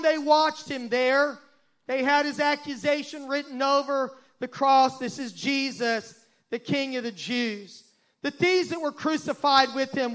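A pastor preaching a sermon and reading scripture aloud, with dramatic swells and sudden hushes. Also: male voice, very high-pitched, smooth. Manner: dramatic, swelling and dropping to a hush.

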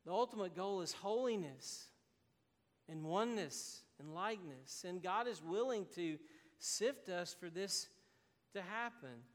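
A man's voice: sits high, lively intonation, unhurried, big-room sound. A man preaching a sermon as pastor, earnest and building to emphatic declarations.

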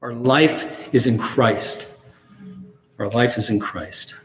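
A man's voice: medium pitch, slow, a bit bright, faint music behind. A man preaching a sermon earnestly and with emphasis, reading passages aloud. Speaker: pastor. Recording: echoey hall with long reverb.

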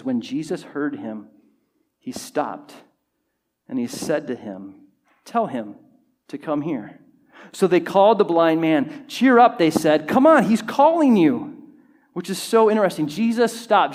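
A man's voice: on the high side, a little mellow. A male pastor preaching a sermon to a congregation, building intensity with repeated phrases. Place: church hall with congregation.

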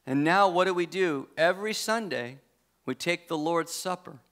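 A man's voice: a little high, normal speed, a bit bright. A man preaching a sermon as pastor in a conversational way, with joking asides and frequent self-corrections. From United States.

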